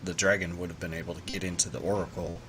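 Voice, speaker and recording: Male player, deep voice, earnest in-character explainer, light noise behind. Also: flat delivery, quick pace, a bit bright, poor audio. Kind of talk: in-character tabletop talk.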